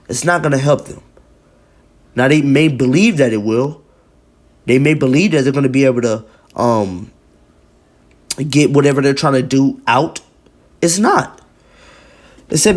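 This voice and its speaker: Man, video preacher, emphatic, repetitive, reads scripture aloud, middling pitch. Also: moderate pace, long pauses. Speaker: religious video commentator. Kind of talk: preaching commentary with scripture and news reading.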